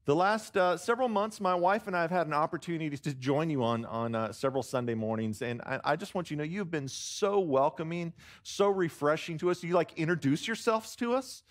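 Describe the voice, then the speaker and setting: Man, guest pastor, higher-pitched voice, jokey and self-deprecating, calls out to the congregation. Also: expressive, fairly quick, hardly any pauses. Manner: jokey, warm-hearted, self-deprecating, lots of restarts. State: choked up near tears. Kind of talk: sermon with congregation call-and-response. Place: church sanctuary.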